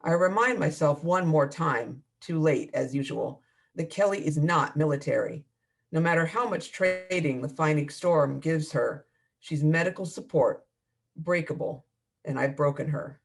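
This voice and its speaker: A man reads aloud from his own novel with a slightly high, gravelly voice. He keeps a measured, expressive storytelling pace and leans into the action. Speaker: author. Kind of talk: reading own fiction aloud.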